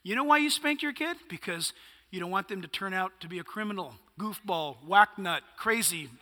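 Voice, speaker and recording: A man's voice: sits high, animated, moderate pace, pushed and bright, big-room sound. A male pastor preaching a sermon, emphatic and punchy, firing off rhetorical questions.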